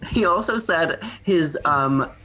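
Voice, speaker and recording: Animated, sarcastic young man gossiping. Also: a little high, slow pace, a little hiss or hum, poor audio. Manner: animated, sarcastic, swears freely. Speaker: podcast co-host. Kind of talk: casual gossip chat.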